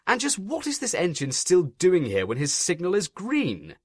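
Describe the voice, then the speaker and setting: A man's voice: sits high, wildly swooping pitch, normal speed, no room sound, studio quality, pitched above the performer's own voice, exaggerated voice. A man voicing a pompous, stern male railway inspector who talks in a fussy, officious way.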